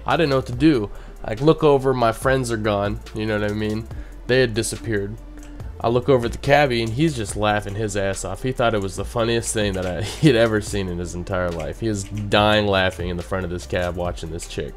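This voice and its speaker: A man's voice: lowish voice, brisk, soft background music. A young man, a bartender, casually telling a story and rambling with frequent "you know what I mean" asides.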